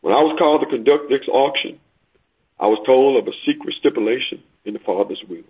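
A man's voice: medium pitch, brisk, breathy edge, far from the mic, lightly acted. A man playing a grave auctioneer. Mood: solemn. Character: solemn male auctioneer revealing a secret. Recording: tinny phone-like recording.

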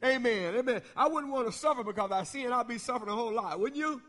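A man preaching a sermon in a church, using call-and-response and swelling into half-sung shouts. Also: very high-pitched, fast. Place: church sanctuary. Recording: long church hall reverb.

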